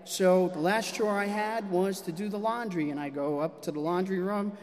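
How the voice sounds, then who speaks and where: A man telling a personal story to a live audience, animated and self-mocking. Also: high-pitched, normal speed. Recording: long hall reverb.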